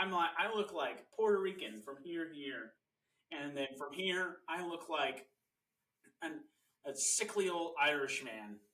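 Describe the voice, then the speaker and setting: A man's voice: a little high, pushed and bright, far from the mic, rough recording. A young man co-hosting a podcast, telling stories in casual chat with dry asides. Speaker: podcast co-host.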